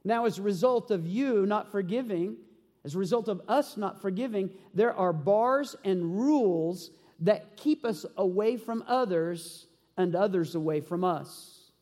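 A man preaching to his congregation in a fairly high voice, shifting from quick stretches to slow, weighty lines as he reads scripture and asks questions. His voice rings out through a hall with a long echo. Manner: animated preaching, reading scripture aloud, asking the congregation questions. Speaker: pastor. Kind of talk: sermon.

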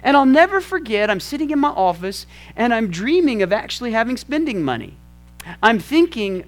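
A male pastor telling a personal story in a sermon, animated and asking the congregation rhetorical questions. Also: very high voice, moderate pace.

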